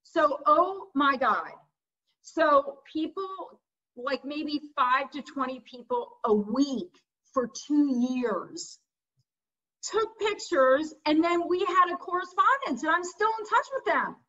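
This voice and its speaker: Over a video call with muffled audio, a middle-aged visiting artist lecturer gives a casual, candid art talk and laughs at her own stories. Her high voice is expressive, slow, bright, and forceful.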